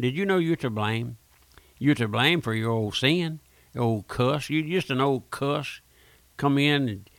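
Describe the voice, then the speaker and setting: In a radio studio, a man with a medium-pitched, somewhat bright voice preaches a fervent sermon on a dry recording. He pleads with listeners, addresses them directly and repeatedly calls them "my friend."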